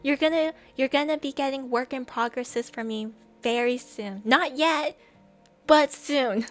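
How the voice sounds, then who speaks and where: A young woman streamer in casual chat with viewers, rambling, laughing often and reading chat aloud. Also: a little high.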